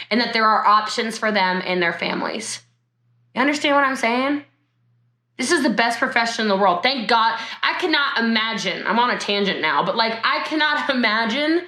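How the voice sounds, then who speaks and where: A woman's voice: medium pitch, sharp tone, echoey room. A woman giving a motivational talk on network marketing over a video call from her home, emotional and laughing as she speaks straight to her viewers.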